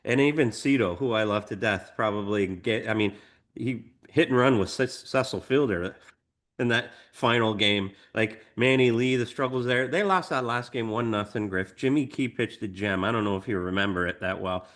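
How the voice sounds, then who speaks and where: Male co-host, lower voice, emphatic and animated baseball chat. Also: moderate pace. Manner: animated, emphatic, lots of restarts. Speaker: podcast co-host. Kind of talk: casual sports chat.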